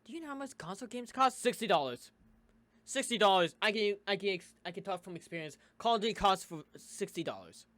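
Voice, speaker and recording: A gaming YouTuber from the United States reading a visual novel aloud, switching character voices and breaking in with quick asides. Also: medium pitch, sing-song, a bit bright, dry recording.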